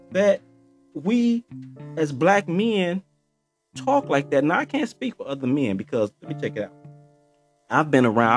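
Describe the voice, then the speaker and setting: A man in his forties hosting a podcast, talking loosely in a casual monologue with lots of slang and filler phrases. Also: a little high. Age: 40s. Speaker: podcast host.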